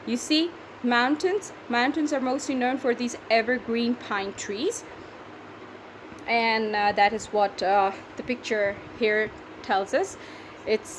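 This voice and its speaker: Female teacher, Pakistani English accent, patient and methodical, somewhat high voice, light background noise. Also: poor audio. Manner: patient, explains step by step, counts syllables aloud slowly. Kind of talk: classroom lesson explaining poetry.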